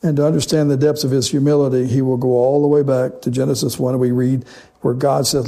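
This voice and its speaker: A male preacher delivering a sermon, measured and emphatic, slowing into dramatic pauses on key phrases. His voice sits a touch high for a man, with a mellow, warm color and a slightly husky edge. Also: fairly even intonation.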